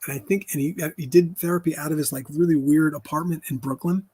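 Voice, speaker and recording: A man's voice: on the high side, fairly even intonation, quick pace, darkish tone, breathy edge. A man in his fifties hosting a live stream, talking candidly and telling stories in which he quotes other people. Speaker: host.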